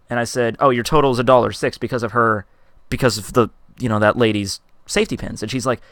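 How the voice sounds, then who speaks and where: A man's voice: medium pitch, steady tone, fast, fairly bright tone, no room sound, studio quality. A man vlogging a story from his shop job, swearing a lot and acting out his customers in exasperated bursts. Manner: profane, exasperated, acts out quoted customers. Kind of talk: casual storytelling rant.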